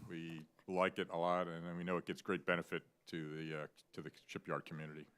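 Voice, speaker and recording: A male official answers questions at a hearing in a deep, clear voice. He is hesitant and stammers a little. He stays deferential and keeps saying "sir". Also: little pitch movement, fairly quick, a bit bright. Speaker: maritime agency official testifying as a witness. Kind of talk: hearing testimony. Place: hearing room.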